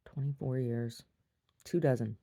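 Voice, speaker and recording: A woman's voice: very deep voice, measured pace, gravelly, warm tone. A middle-aged woman, a gallery owner, chatting in a meandering, giggly way in a casual monologue.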